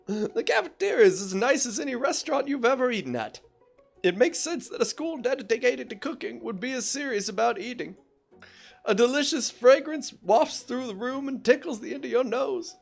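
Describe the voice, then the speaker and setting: Gravelly, animated game streamer. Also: medium pitch, normal speed, faint music behind. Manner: jokey asides between narration. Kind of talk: reading a dating game aloud.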